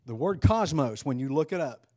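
A man's voice: fairly high pitch, expressive, moderate pace, a little mellow, no room sound, studio quality. A man leading an interactive Bible study, speaking conversationally, asking the class questions and restarting phrases as he goes.

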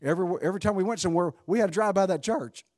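A man preaching a sermon in an animated, conversational way, swinging between loud bursts and hushed asides while joking with his congregation. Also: high-pitched, rapid-fire, no room sound, clean studio sound. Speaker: pastor.

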